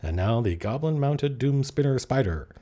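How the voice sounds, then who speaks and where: A man's voice: mid-range voice, animated, normal speed, warm tone. A man narrating as game master at a tabletop game, casual and freely swearing as he works through the rules aloud.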